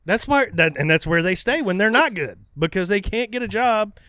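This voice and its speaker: A man in his thirties telling a profane, animated story in casual podcast chat. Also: high-pitched, moderate pace, dry recording, studio quality. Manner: profane, animated, acts out quoted voices.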